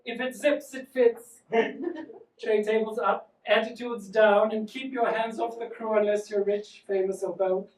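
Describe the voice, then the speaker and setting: A man plays a sassy, sarcastic German male flight attendant, using a put-on German accent in a campy, sarcastic manner. His voice sits high with a steady tone and a slightly slow pace. It's recorded from far off in a roomy theatre.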